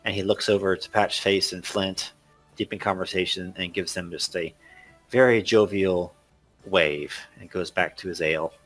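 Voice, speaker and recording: Low husky man at the game table. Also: fairly even intonation, normal speed, fairly bright tone, faint music behind.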